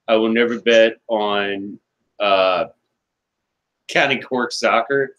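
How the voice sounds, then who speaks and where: A man who is a guest in a casual chat, talking in a halting way and stumbling over his words. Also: on the low side, a bit bright, muffled recording.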